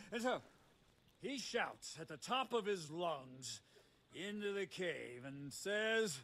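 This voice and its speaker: A man's voice: high-pitched, big pitch swings, slow, a bit bright, heavily acted. An actor voicing a rowdy, crude man in a video game, a storyteller who keeps laughing at his own tale.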